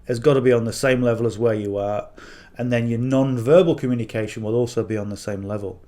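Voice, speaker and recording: Talking fast in a warm, medium-pitched voice, this middle-aged northern English man coaches on affiliate marketing straight to camera. His rambling, casual talk is dotted with "okay?" and "you know."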